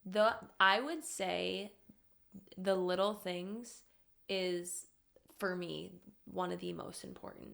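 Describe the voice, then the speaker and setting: Gravelly-voiced young woman co-host. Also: on the low side, fairly even intonation, takes it slowly, a bit bright. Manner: supportive, affirming, thoughtful. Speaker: podcast co-host. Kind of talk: casual chat.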